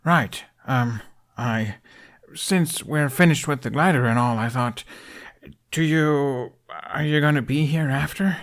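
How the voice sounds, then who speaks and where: A man's voice: medium pitch, expressive, normal speed, few pauses, pitched above the performer's own voice, lightly acted. A man voicing a nervous young prince who stammers and trips over his words, earnest and flustered.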